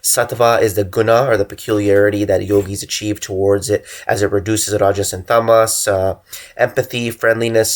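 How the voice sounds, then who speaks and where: A young man delivering an earnest preaching monologue, exhorting listeners and stressing lists of single words. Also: on the low side. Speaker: religious channel host.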